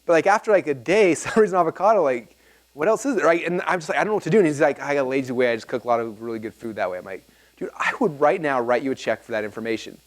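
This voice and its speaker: A man in his thirties speaks to a seminar audience, voice pitched a little high. He races along, animated and rambling, stacking fillers and restarting sentences as he goes. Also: rapid-fire. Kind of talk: live seminar talk to an audience.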